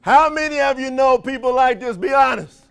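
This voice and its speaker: A man giving an energetic motivational speech to a live audience, throwing call-and-response questions to the crowd in folksy, slangy language. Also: very high voice, normal speed, vocal fry, smooth. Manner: folksy, slangy phrasing with frequent laughs. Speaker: motivational trainer for a sales company.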